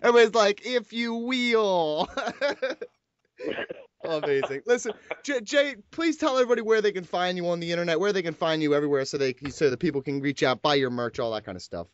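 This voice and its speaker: A man's voice: a little high, animated, fast, clean tone. A man hosting a radio show with self-deprecating jokes and banter. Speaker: podcast host. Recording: dull lo-fi sound.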